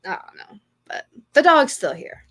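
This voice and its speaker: A woman's voice: high voice, huge pitch swings, normal speed, a bit bright. A young woman co-hosting a casual podcast, telling a long story in a rambling way with lots of fillers and restarts. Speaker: podcast co-host. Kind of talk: casual chat.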